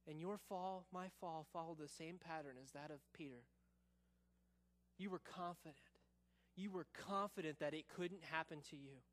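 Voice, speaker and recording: A man preaching a sermon, telling a story and acting out quotes, then dropping to a quiet, searching tone. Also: fairly high pitch, moderate pace, long pauses. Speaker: pastor.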